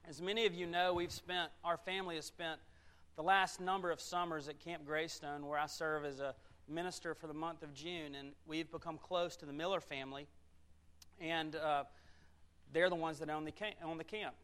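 A middle-aged man preaches a sermon as pastor, high and bright in tone. He talks earnestly and loosely, restarting phrases as he tells a story. The voice is clear and forward. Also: fairly even intonation, normal speed.

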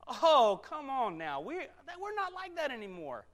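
A man voicing a slick, smooth-talking male scorpion who pushes and coaxes in a high, loud voice. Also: huge pitch swings, a little slow, heavily acted. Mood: hyped. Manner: pushy, wheedling, high and loud.

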